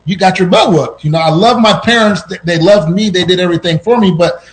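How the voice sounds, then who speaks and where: A man with a high-pitched voice recounts his own near-death experiences. He talks with lots of restarts and gets animated, his voice jumping up at the tense parts. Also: fast, poor audio. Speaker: podcast guest. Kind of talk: personal storytelling.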